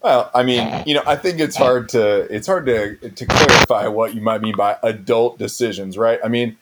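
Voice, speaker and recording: A man's voice: mid-range voice, normal speed, heavy background noise, lightly acted. A man playing an earnest political candidate who hedges, leans on fillers and turns sappy. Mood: hedging. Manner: hedging, filler-heavy, sappy. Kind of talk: improvised comedy interview.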